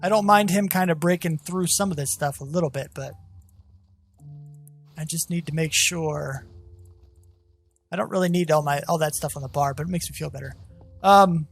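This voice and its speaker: A gaming channel host giving gameplay commentary, talking straight to viewers with excited, exasperated outbursts. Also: mid-range voice, moderate pace, vocal fry, pauses often, husky, faint music behind. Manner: talks to viewers as "guys".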